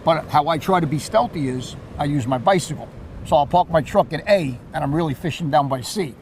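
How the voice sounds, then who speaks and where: A man with a New York accent, chatting casually about fishing and telling animated stories, repeating and restarting his words. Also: fairly high pitch, brisk, slight background noise. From Queens, New York. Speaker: surf fisherman. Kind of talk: casual chat.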